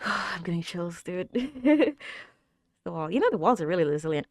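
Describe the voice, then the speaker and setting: Reaction host, young woman, animated and talkative, answers the screen, dry close sound. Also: on the low side, moderate pace, no room sound. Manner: chatty, exclaims and laughs, talks back at the screen. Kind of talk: casual reaction commentary.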